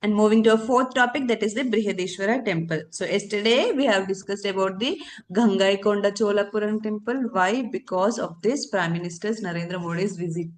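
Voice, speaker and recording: A woman's voice: mid-range voice, brisk. A woman teaching a current affairs lesson for exam candidates, repeating key terms and answering her own questions.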